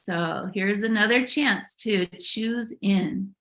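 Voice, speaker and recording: Bright, upbeat woman coach. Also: mid-range voice, slow pace. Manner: upbeat, encouraging. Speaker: body language coach hosting a webinar. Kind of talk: live webinar coaching.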